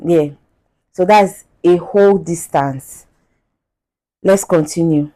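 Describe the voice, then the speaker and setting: A woman's voice: on the low side, warm tone. A woman from Nigeria with a Nigerian accent, hosting a podcast and speaking with emphatic indignation while reading a post aloud. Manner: indignant, emphatic, drawn-out repetition. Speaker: podcast host.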